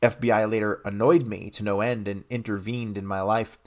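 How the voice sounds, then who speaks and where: A man's voice: lowish voice, steady tone, fairly quick. A man reading a book aloud on a podcast, stopping now and then to comment bluntly.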